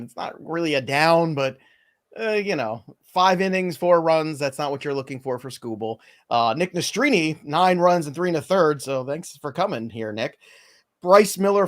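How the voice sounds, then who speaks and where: A man hosting a live fantasy baseball stream, talking in wry, self-mocking running commentary as he moves through the news. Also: a little high. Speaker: host.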